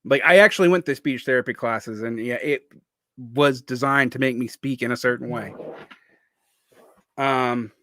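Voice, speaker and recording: A man's voice: mid-range voice, moderate pace, pauses often, fairly bright tone, no room sound. Rambling man with a faint Southern accent. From Southern United States. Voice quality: speech impediment blurring r, l and w sounds. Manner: rambling and digressive, with many restarts. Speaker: vlogger. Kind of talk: casual monologue.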